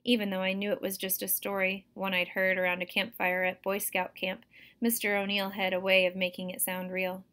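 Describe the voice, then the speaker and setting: A woman's voice: mid-range voice, monotone, fairly quick, fairly bright tone. Woman reading a novel aloud. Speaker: teacher reading to students.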